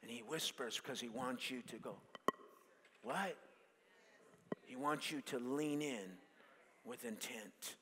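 A male pastor preaching an animated sermon that mixes in jokes. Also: a little high, vocal fry. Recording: long hall reverb.

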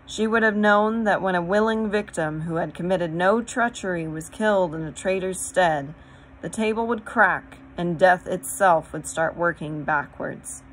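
A woman voicing a great, wise male lion in a storybook reading, with a measured, commanding delivery. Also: on the low side, a little hiss or hum, close to an everyday voice, low-quality recording. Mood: solemn.

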